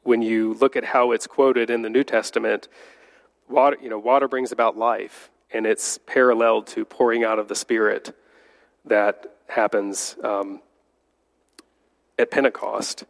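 A man leading a Bible study, reading scripture aloud and explaining it in an unhurried way, correcting his own slips as he goes. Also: on the low side, flat delivery, vocal fry. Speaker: Bible teacher. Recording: long hall reverb.

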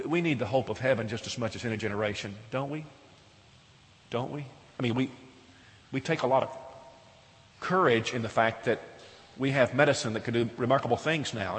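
A man preaching a sermon, earnest and emphatic, often asking his listeners questions. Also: medium pitch. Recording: reverberant hall.

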